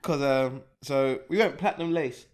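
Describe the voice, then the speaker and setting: Man, casual podcast co-host, middle pitch, storyteller who laughs at his own tale. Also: moderate pace. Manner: storytelling, laughs through punchlines. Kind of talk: casual chat.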